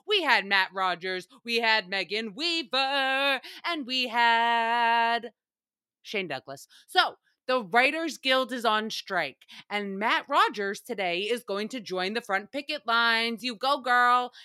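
Bright-voiced, animated woman podcaster. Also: a little high, clean tone, no room sound, clean studio sound. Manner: animated, profane, laughs often. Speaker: podcast host recapping reality TV. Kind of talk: casual chat.

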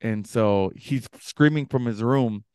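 Young man telling an animated story. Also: slow pace, clean tone, dry recording, clean studio sound. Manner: animated, acts out quoted voices with pitch jumps. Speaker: podcast co-host. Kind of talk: casual storytelling.

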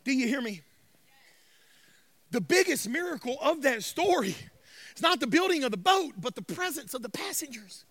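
A man's voice: extremely high pitch, big pitch swings, moderate pace, long pauses, fairly bright tone, no echo. A man preaching a sermon as pastor, emphatic, calling out for amens from the congregation. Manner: emphatic, call-and-response.

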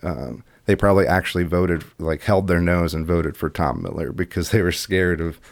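A man with a very low voice talks as a guest on a casual podcast. He rambles, circling back with fillers and restarts as he goes. The sound is dry and close, with no room around him. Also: moderate pace, no room sound. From Iowa. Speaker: podcast guest, political candidate. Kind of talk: casual interview chat.

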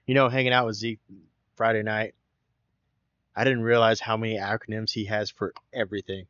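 Low-voiced man telling a loose story. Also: little pitch movement, a little fast, a bit bright, smooth, no echo. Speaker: podcast co-host. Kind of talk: casual chat. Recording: dry, slightly dull sound.

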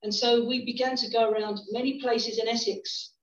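A woman's voice: on the high side, flat delivery, moderate pace. A middle-aged woman, a visiting preacher telling stories in a church, chatty, with frequent restarts. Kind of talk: storytelling sermon. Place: church hall. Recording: roomy, distant, dull church recording.

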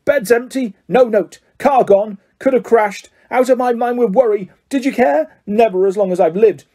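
A man reading aloud, voicing a fierce but caring witch mother who scolds her sons in a shrill voice. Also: expressive, fairly quick, breathy edge. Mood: furious scolding. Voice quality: shrill, rising to shouts. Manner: fretful, sharp-tongued.

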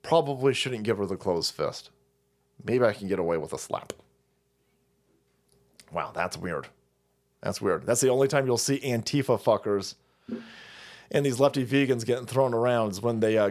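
A man's voice: medium pitch, expressive, a little fast, darkish tone. A man hosting a live stream, giving heated, profane and mocking commentary with frequent laughs. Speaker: streamer host.

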